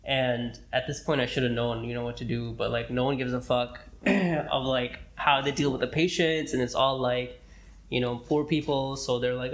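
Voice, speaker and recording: A young man in his twenties, a medical student co-hosting a podcast, telling a story in casual chat, rambling and profane, often clearing his throat. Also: mid-range voice, fairly even intonation, normal speed. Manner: rambling, profane, acts out quoted dialogue, frequent throat clearing.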